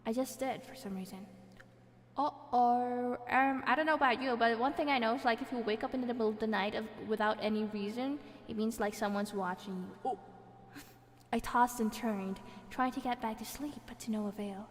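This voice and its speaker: A woman's voice: a little high, normal speed, slight background noise. Playful woman with heavy reverb. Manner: playful, laughs and breaks in with comments while reading. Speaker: streamer. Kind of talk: reading viewer horror stories on a live stream. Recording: reverb effect added, faint background music.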